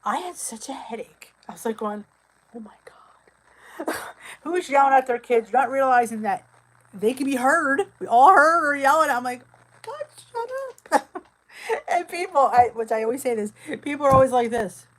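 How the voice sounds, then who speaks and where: A middle-aged woman from New Jersey hosting a casual live-stream chat, chatty and quick to laugh as she answers viewer comments. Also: high voice, animated, poor audio. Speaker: weight loss channel host.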